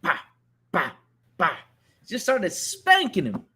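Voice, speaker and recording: Guy chatting casually, lively storyteller, kinda high voice. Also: slow, husky. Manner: animated storyteller, acts out voices. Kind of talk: casual chat.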